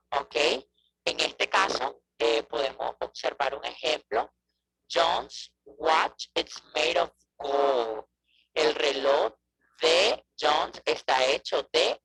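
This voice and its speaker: A man teaching an online English class over a video call, often checking in with "okay?" and pausing on hesitant fillers. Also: mid-range voice, creaky, bright, forceful tone, husky, rough recording.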